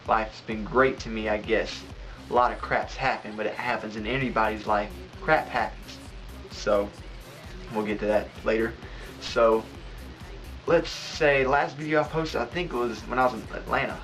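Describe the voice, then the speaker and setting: A man's voice: lowish voice, a bit bright, poor audio. A young man hosting a casual podcast from a home studio, telling stories in a rambling, laughing way. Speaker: podcast host.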